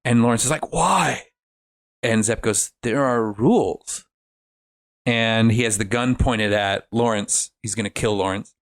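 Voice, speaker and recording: A man's voice: on the low side, normal speed, few pauses. A man on a casual podcast, animatedly retelling a film's plot and swearing freely as he goes. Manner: animated storytelling with frequent swearing. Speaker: guest. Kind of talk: casual podcast film recap.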